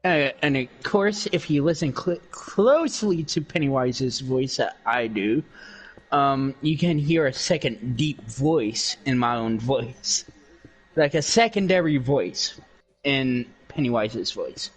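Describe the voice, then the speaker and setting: A young man chatting during a game and boasting about his impressions, rambling with plenty of fillers. He talks slowly, with a lively rise and fall in his mid-range voice. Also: mid-range voice, slightly rough. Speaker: game streamer doing impressions. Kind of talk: casual gaming chat.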